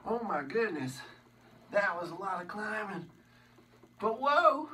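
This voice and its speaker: Playful kids'-show storyteller, sing-song and bouncing in pitch, slow and deliberate, set back from the mic. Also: expressive, bright, forceful tone, slight background noise. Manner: playful, exclaiming, sings, addresses kids directly. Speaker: children's show host. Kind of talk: children's storytelling with songs. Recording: distant mic with clear music.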